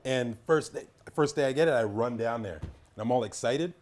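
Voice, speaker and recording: A man's voice: mid-range voice, normal speed, a little mellow. A Canadian-raised man chatting on a podcast, telling a long rambling story with many restarts and asides. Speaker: podcast guest. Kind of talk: casual podcast chat.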